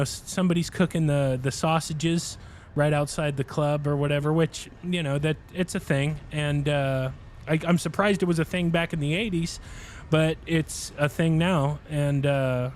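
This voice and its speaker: A male game streamer on a livestream, with a slightly high speaking voice. He rambles cheerfully through a story and laughs often as he talks. A faint hum sits behind his voice. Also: steady tone, moderate pace. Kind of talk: casual chat while livestreaming a game.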